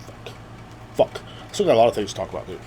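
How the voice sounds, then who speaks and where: Podcast host, male, young adult, drunk; loose profane rambling monologue, very animated pitch, faint background noise. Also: fast. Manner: profane, rambling, with frequent fillers and restarts.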